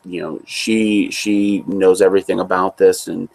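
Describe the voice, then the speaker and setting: Deep-voiced man chatting casually. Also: little pitch movement, unhurried, vocal fry, a little mellow. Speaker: co-host. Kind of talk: casual chat.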